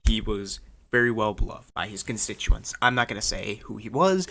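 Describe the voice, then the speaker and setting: A man's voice: lowish voice, lively intonation, moderate pace, sharp tone. Tired, rambling man doing political commentary. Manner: rambling, sarcastic, self-interrupting.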